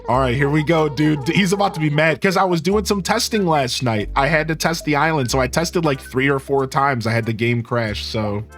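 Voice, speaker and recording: Excitable male streamer, high bouncy voice, chatting over faint game music. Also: fairly quick, few pauses. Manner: excitable, talks to chat, says "dude" a lot. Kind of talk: casual gameplay commentary.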